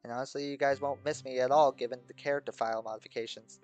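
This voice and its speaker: A man voicing an exhausted, despairing teenage girl who talks quietly and haltingly, apologizing as she goes. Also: mid-range voice, steady tone, soft background music, lightly acted. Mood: resigned.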